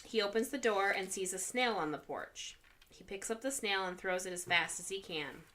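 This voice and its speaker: A woman co-hosting a casual podcast chat, reading jokes from a list in a measured way. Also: medium pitch, bright, forceful tone. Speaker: podcast co-host.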